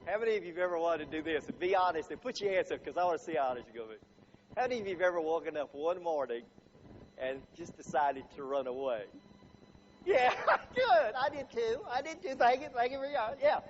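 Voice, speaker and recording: Male motivational speaker with a high voice, joking and polling a live room, dull recording with faint hiss. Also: expressive, fast talker. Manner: chatty, quizzes the crowd with show-of-hands questions. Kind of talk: humorous live talk to an audience.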